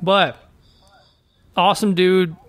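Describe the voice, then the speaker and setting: A man's voice: high voice, flat delivery, slow, fairly bright tone, no echo. A man co-hosting a podcast in laid-back casual chat, often saying "man.". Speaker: podcast co-host and editor.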